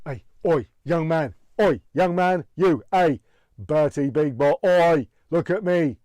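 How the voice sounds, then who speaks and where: A comedian doing an impression of a celebrity chef who barks short, domineering shouts at someone. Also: male voice, fairly high pitch, slow pace, no room sound, pitched above the performer's own voice. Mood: barking. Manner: barking, domineering, repeated shouts.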